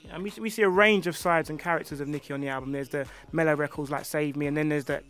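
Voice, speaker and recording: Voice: mid-range voice, fairly even intonation, fast talker, fairly bright tone, faint music behind. An interviewer in casual chat, upbeat and laughing easily, with frequent "yeah".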